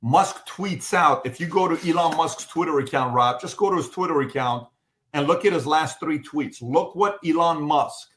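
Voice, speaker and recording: A man's voice: fairly high pitch, moderate pace, a bit bright, echoey room. A man hosting a podcast panel, talking urgently and emphatically as he leads the discussion. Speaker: podcast host.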